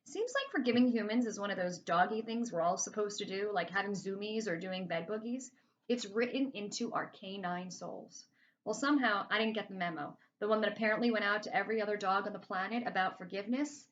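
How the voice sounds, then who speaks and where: A woman's voice: medium pitch, expressive, fairly quick. Woman reading a children's story, chatty. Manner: casual, chatty first-person storytelling. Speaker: reader. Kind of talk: reading a children's novel aloud. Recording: slightly muffled lo-fi recording.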